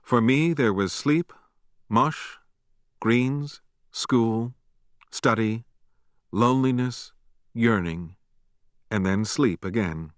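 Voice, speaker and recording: A man narrating a memoir audiobook in a measured, even storytelling manner on a close studio mic. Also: mid-range voice, clear, resonant tone, no room sound.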